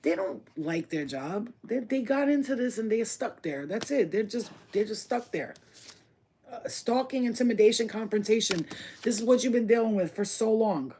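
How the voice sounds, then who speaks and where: An adult card reader giving a casual, slangy and profane oracle card reading, talking straight to the viewer and getting excited over the cards. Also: medium pitch, normal speed, husky.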